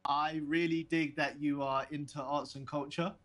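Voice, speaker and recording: A man's voice: fairly high pitch, little pitch movement, moderate pace, a bit bright, close to an everyday voice. An actor playing a hesitant, polite young man on a video date, often stammering and restarting. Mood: eager. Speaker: player character on video dates.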